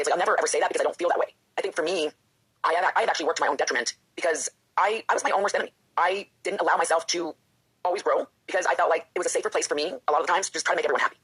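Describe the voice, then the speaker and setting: A woman speaks at a rapid clip, her voice husky and breathy throughout. She is a professional wrestler opening up in an interview, candid and emotional. She often slips into acting out the doubting voice in her own head. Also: fairly low pitch, fairly bright tone. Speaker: professional wrestler and author, guest.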